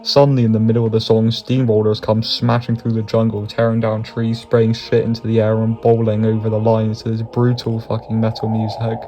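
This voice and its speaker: A man's voice: lowish voice, monotone, fairly quick, hardly any pauses, dark tone. A man giving comedic scripted narration, swearing often and chuckling through his lines. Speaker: YouTube narrator.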